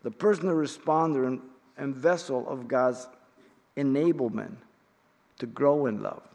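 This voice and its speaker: A middle-aged man leads a Bible study, working through the text in a measured, emphatic teaching voice. He pauses often and now and then drops in a filler. His voice rings with the long reverb of a church hall. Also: mid-range voice, a little mellow.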